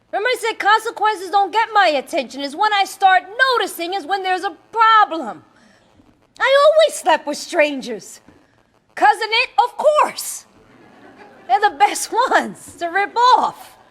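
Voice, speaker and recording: A woman's voice: very high voice, a bit bright. A woman giving a blunt, streetwise personal testimony to a recovery meeting, laughing often as she talks.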